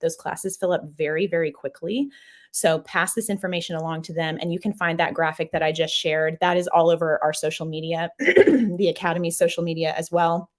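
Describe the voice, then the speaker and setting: A young adult woman hosts a casual live stream from a small office. Her voice sits a little low, but she talks in a bubbly, gushing way and reads viewer comments aloud. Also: a little fast. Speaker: host.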